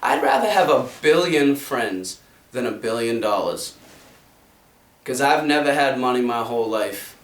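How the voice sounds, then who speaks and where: A man's voice: medium pitch, animated, a little slow. A young man delivering an impassioned, profanity-laced rant to the camera in a fervent, preachy way. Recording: roomy sound from a distant mic.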